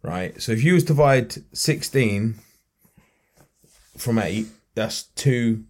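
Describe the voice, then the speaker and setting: A man's voice: medium pitch, lively intonation, slow pace, darkish tone. A man co-hosting a podcast, rambling and restarting as he talks. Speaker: podcast co-host. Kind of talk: casual chat.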